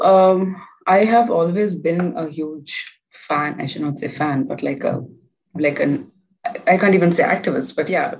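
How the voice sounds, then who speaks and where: A woman's voice: deep voice, a little mellow, rough recording. A young woman, a student guest, talking casually in an interview, rambling with lots of fillers and restarts.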